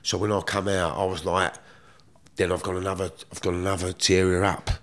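A man's voice: deep voice, flat delivery, moderate pace, a bit bright. A middle-aged man with a London accent, telling stories from his past in blunt, streetwise slang, swearing freely. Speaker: guest. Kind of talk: casual storytelling.

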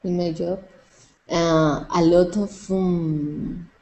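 A Spanish-speaking woman learning English, hesitant, with many pauses and fillers. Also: fairly low pitch, fairly even intonation, dark tone, rough recording. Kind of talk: halting learner speech.

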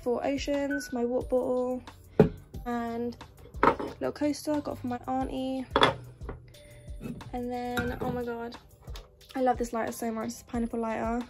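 Young woman, casual room-tour vlogger, even delivery, music bed behind. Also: a little high, normal speed, long pauses. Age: young adult. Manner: chatty, listing items as she goes. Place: student bedroom in university housing. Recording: music playing under the voice.

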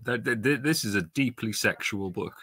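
A man's voice: lowish voice, expressive, normal speed, sharp tone, husky, no room sound, clean studio sound. A man co-hosting a live stream, casual and joking, given to crude asides and stammers. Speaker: co-host.

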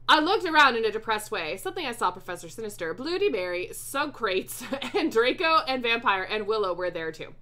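A woman's voice: mid-range voice, lively intonation, normal speed, sharp tone. A woman streamer reading a fan fiction aloud for laughs, swearing and exasperated. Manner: exasperated, swears a lot, reads with mock emphasis. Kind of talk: comedic dramatic reading with commentary.

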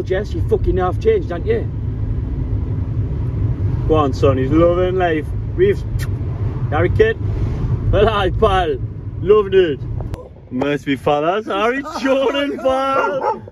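A man's voice: high-pitched, expressive, slow, pauses often, background noise. A man walking his dog outdoors on a coastline, chatting casually and coaxing the dog in a sing-song voice, swearing freely.

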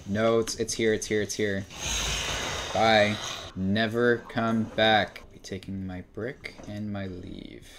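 A young man streaming a horror game, commenting in an exasperated way and breaking into shouts and laughs. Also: lowish voice, level tone, takes it slowly, noisy background. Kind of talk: frustrated gameplay commentary.

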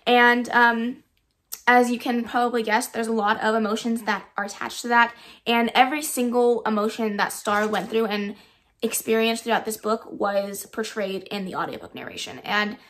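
A woman's voice: on the high side, fairly even intonation, normal speed, a bit bright. A woman book vlogger giving casual, enthusiastic audiobook recommendations, with frequent ums. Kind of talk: casual book review vlog.

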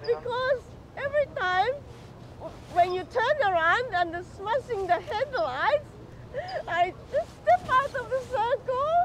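A woman playing a cheeky, very high-voiced driver. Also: animated, a bit bright, a little hiss or hum, exaggerated voice, poor audio. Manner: slow, polite replies, teasing. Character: cheeky female driver pulled over.

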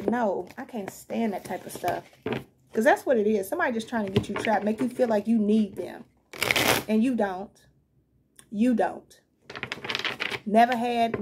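Woman tarot reader, casual and frank, animated talker, voice sits a bit high. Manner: chatty and animated, calls listeners y'all and baby; frank and blunt, swears now and then.

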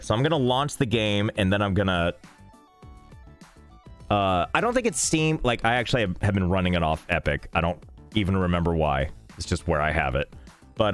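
A low-voiced man hosts a casual game stream, his pitch leaping up and down as he jokes at his own expense. He rambles on, exasperated, while he sorts out his setup at a desk microphone. Game music plays faintly behind him. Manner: rambling, self-mocking, exasperated by technical trouble. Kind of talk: casual live-stream chat.

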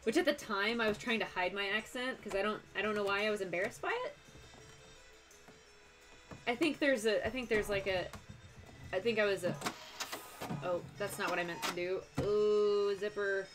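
A young woman with a faint Texan twang talks casually as she works on a sewing project, her thoughts wandering and doubling back. Her pitch sits in a middle range, and soft music plays quietly behind her. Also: normal speed, pauses often. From Texas. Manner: chatty, rambling, self-interrupting with laughs. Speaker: cosplay streamer. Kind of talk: casual live-stream chat while sewing.

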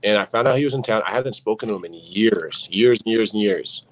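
A man's voice: fairly low pitch, a little fast, a little hiss or hum, poor audio. A young man speaking as a podcast guest, telling his story earnestly and padding it with fillers like "you know what I mean.". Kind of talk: candid storytelling interview.

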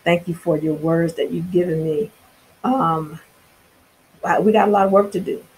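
A woman's voice: fairly low pitch, normal speed, darkish tone, low-quality recording. A woman vlogger delivering an impassioned spiritual monologue to her viewers, fervent and preachy, with casual slang and frequent restarts.

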